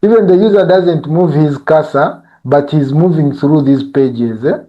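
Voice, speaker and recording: A male instructor giving a live software tutorial, talking conversationally and often checking in with "eh?" and "you see?". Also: on the high side, unhurried, highs cut off.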